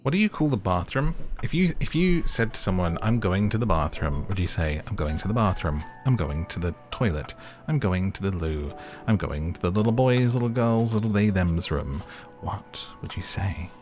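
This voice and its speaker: A man's voice: low-pitched, animated, normal speed, hardly any pauses, darkish tone, soft background music. A man in a playful let's play, joking as he reacts to the game. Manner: playful, jokey asides. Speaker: gaming youtuber.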